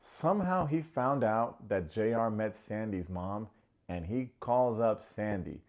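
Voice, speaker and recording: A man hosting a comedic TV recap, sarcastic and quick to mock. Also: expressive, a little mellow. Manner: sarcastic, acts out quotes in high mocking voices. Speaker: recap show host.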